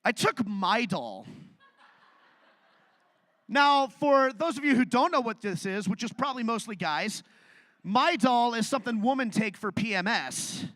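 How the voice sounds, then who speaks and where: Male stand-up comic, high bright voice, dry close sound, chatty and self-mocking. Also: normal speed, no room sound. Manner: conversational, self-deprecating storytelling. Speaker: stand-up comedian. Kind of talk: live stand-up set. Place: theatre stage.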